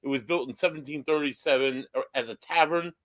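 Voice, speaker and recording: Halting male podcast co-host. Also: on the high side, fairly bright tone, dry recording, poor audio. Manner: halting, filler-heavy, informative. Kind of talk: casual chat.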